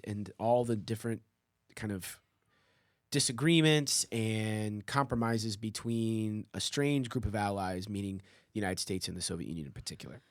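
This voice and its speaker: A man's voice: lowish voice, no echo, clean studio sound. A man co-hosting a history lesson podcast, explaining events thoughtfully and stepping back to frame the bigger picture. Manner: thoughtful, framing the big picture. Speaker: history teacher co-host.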